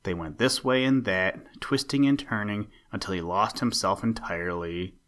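A man hosting his own podcast and reading a children's story aloud in a gentle, expressive manner. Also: on the low side, moderate pace.

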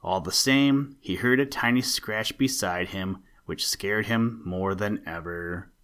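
A man hosting his own podcast and reading a children's story aloud in a gentle, expressive manner. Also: low-pitched, slow, clear, resonant tone.

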